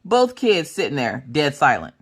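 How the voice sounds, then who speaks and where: Animated woman host, low voice that swings widely, chatty home storytelling. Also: normal speed, husky. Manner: animated, acts out family members' voices. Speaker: craft channel host. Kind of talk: casual storytelling chat. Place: home craft room.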